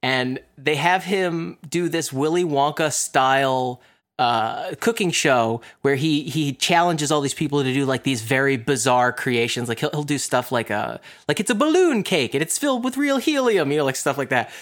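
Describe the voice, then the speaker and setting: A man's voice: medium pitch, expressive, normal speed, fairly bright tone. A man co-hosting a podcast in casual chat, rambling and self-deprecating, with a habit of slipping into silly voices. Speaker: podcast co-host.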